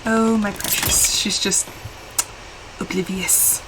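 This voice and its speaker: A woman chatting casually while live-streaming a game, rambling and quick to laugh, switching between hushed asides and excited bursts. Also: mid-range voice, noisy background.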